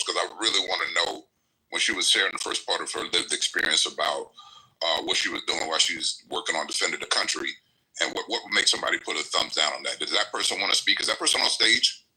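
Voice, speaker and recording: A man's voice: sits low, fast, bright, forceful tone, breathy edge, rough recording. A man hosting a live panel discussion, speaking earnestly and addressing the audience directly. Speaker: host of a political livestream.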